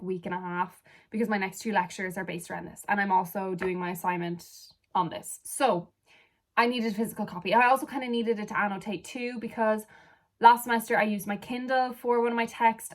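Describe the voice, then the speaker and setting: A young woman from Ireland, a book vlogger chatting casually and rambling off on tangents while sitting far back from the camera at home. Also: medium pitch. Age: young adult. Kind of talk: casual chat.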